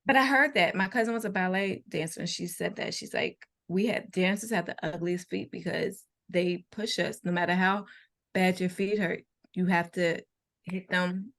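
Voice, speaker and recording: A woman's voice: fairly low pitch, fairly even intonation, moderate pace, vocal fry, a bit bright. A young adult woman co-hosting a podcast in casual chat, teasing and laughing often. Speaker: podcast co-host.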